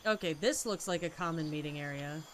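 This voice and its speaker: A woman streamer playing a game, chatty and excited, swearing casually as she comments. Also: sits low, a little fast, a little hiss or hum. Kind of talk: game let's play commentary.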